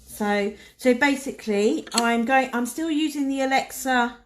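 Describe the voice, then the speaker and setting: Slow-talking woman doing nail art. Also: high-pitched, slight background noise. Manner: chatty, talks to herself while working. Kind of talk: casual step-by-step tutorial.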